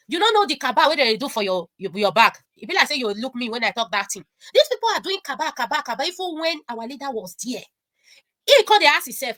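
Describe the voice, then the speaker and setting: High, bright Nigerian woman, excitable. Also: quick pace. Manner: excitable, switching into pidgin, frequent laughter. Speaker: guest commentator. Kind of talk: animated online discussion.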